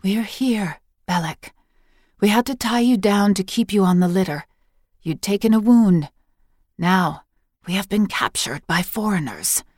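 A woman voicing a young tribal woman held captive, who speaks calmly, firmly and practically to her brother. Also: mid-range voice, moderate pace, no room sound, studio quality, voice pushed up, natural voice. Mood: calming. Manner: calm, firm, practical.

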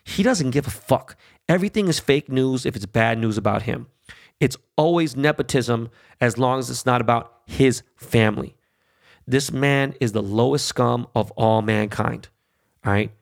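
A man's voice: medium pitch, moderate pace, creaky. A man hosting a podcast, ranting angrily and bluntly with heavy swearing and constant "okay?" and "right?" tag questions. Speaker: podcast host. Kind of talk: profane political rant.

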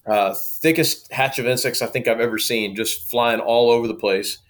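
A man from Oklahoma, a guest telling a story in a lively, casual way. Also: mid-range voice, normal speed. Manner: lively, acts out quoted dialogue.

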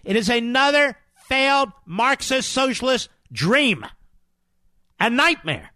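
Middle-aged male talk radio host; sarcastic, emphatic, repeats for punch; higher voice, dead-dry studio. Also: sing-song, slow, sharp tone, no room sound. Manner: combative, sarcastic, emphatic repetition. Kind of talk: political talk radio monologue.

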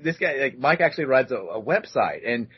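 Animated, husky-voiced male podcast host. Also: medium pitch, fairly quick, lo-fi sound. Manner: animated storyteller, acts out other voices with lots of "like". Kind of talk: casual storytelling chat.

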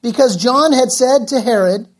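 A male pastor preaching a sermon, telling a story with many filler pauses and slowing down for emphasis. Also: very high voice.

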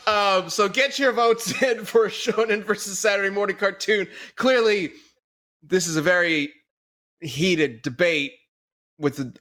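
Guy hosting a stream, chatty and laughy, kinda high voice. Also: unhurried, pushed and bright. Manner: laughs often, loose and chatty. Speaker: show host. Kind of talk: casual streamed panel chat.

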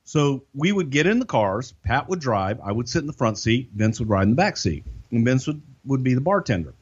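Brief: male podcast guest, animated profane storyteller, lively pitch, muffled audio. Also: brisk, slightly rough. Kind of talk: casual anecdotal storytelling.

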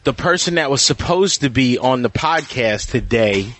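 A man co-hosting a casual golf podcast, talking in animated, teasing bursts. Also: medium pitch, normal speed, soft background music. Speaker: podcast co-host and golf reporter. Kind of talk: casual sports podcast chat.

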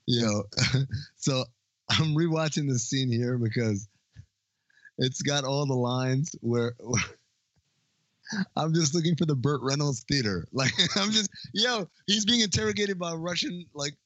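A man co-hosting a podcast in casual chat, animated and joking, swearing offhandedly. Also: medium pitch, measured pace, long pauses, no room sound, lo-fi sound. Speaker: podcast co-host.

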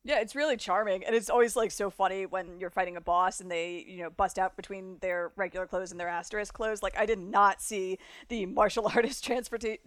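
A woman from South Florida co-hosting a podcast in casual chat, rambling and chatty with lots of fillers and quick laughs. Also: medium pitch, steady tone, no room sound. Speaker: podcast co-host.

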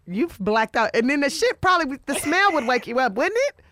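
A woman's voice: sits high, big pitch swings, brisk, a bit bright. A woman in casual chat, telling raunchy stories with frequent laughter. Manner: raunchy, storytelling, laughs often.

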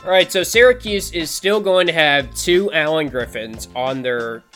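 Male sports podcast host, bright and punchy tone, casual and chatty. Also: a little high, normal speed, soft background music. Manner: conversational, upbeat, thinks aloud with restarts.

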